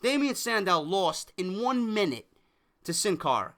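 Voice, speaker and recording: Profane, ranting high-voiced young man. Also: very animated, normal speed, fairly bright tone. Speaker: wrestling show reviewer. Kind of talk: heated solo review rant.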